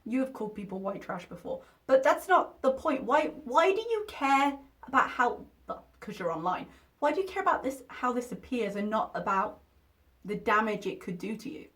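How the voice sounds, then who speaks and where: A woman's voice: fairly high pitch, very animated, moderate pace, a bit bright. A woman hosting a reaction video, commenting in a sarcastic, exasperated way and swearing freely.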